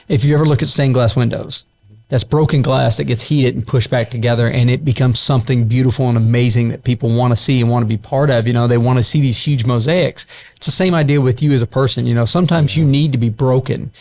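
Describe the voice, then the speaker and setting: A man's voice: medium pitch, fairly even intonation, fast talker, a little mellow. A man co-hosting a podcast, telling a heartfelt personal testimony in a casual, earnest way. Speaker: podcast co-host.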